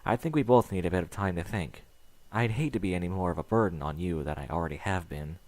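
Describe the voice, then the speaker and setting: A man voicing a shy, nervous young female unicorn who speaks haltingly. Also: sits low, darkish tone, dry recording, lightly acted. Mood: hesitant. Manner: hesitant, halting speech.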